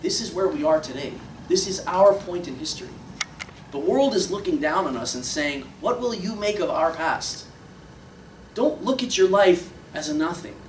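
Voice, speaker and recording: A young man giving an impassioned religious lecture to a room of listeners, swinging between emphatic peaks and quiet low passages. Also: expressive, moderate pace. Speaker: Torah teacher. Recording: echoey room, distant mic, faint noise.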